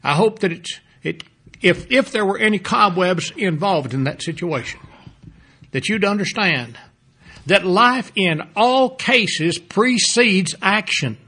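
High, bright-voiced emphatic male preacher. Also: animated, takes it slowly, husky. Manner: emphatic, repeats key phrases, rises on quotes and drops low to close. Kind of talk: sermon.

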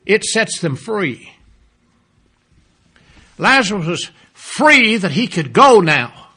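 A man preaching a sermon, emphatic, repeating key phrases and dropping low and soft toward the close. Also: very animated, slow, slightly rough.

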